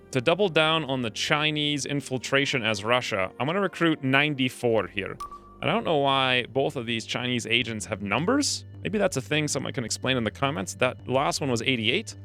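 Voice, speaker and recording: A man's voice: mid-range voice, pushed and bright. A man hosting a let's play video, giving casual, upbeat commentary and explaining his plans as he plays. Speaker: gaming channel host.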